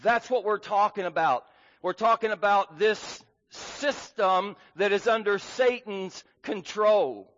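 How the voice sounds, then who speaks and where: A man's voice: high voice, slow pace, fairly bright tone, a little hiss or hum. A man preaching a sermon as pastor, earnest and emphatic, with frequent fillers. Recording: dull sound with long hall reverb.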